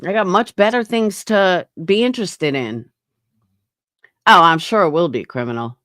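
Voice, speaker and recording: A woman's voice: on the low side, normal speed, a bit bright, no room sound, studio quality. Blunt, profane woman livestreamer. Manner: blunt, profane, answers chat. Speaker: livestream host. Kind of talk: casual livestream rant.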